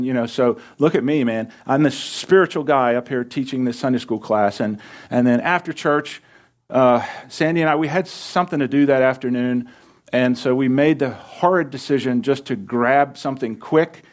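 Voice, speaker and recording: A middle-aged man, a pastor, telling a personal story in a sermon in an earnest, conversational way, often dropping soft and quiet. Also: mid-range voice, normal speed.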